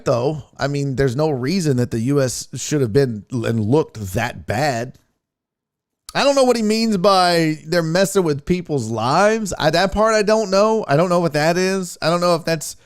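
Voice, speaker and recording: Male sports talk host, casual profane rants, high and very animated. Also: normal speed. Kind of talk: casual ranting commentary.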